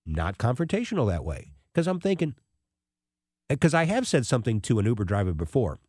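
Lively storytelling radio host, man in his sixties. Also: medium pitch, a little fast, slightly rough, no echo, studio quality. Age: 60s. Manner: animated, rambling storyteller with frequent restarts. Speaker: radio talk show host. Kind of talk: casual talk radio monologue.

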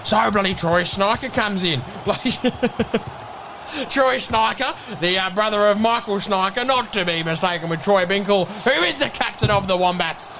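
A young man with an Australian accent doing excitable, giggly improvised mock sports commentary. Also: high-pitched, unhurried, slight background noise. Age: young adult.

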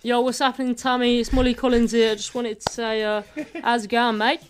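A woman's voice: on the high side, flat delivery, fairly quick. A woman recording a laid-back, joking birthday message.

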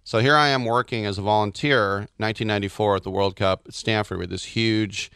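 A man co-hosting a podcast, telling animated stories in casual chat and slipping into silly voices. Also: fairly low pitch, brisk, clear, resonant tone, dry recording, clean studio sound. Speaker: podcast co-host.

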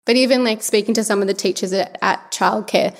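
A woman's voice: mid-range voice, fairly quick, gravelly. A young woman chatting casually as a podcast guest, loose and talkative with many fillers. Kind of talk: casual chat.

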